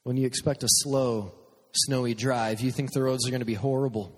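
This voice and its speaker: A man's voice: medium pitch, fairly even intonation, fairly quick, darkish tone, long reverb tail. A man hosting a podcast, giving a message through humorous, self-deprecating personal stories and acting out what people said. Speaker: youth speaker and podcast host. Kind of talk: storytelling sermon.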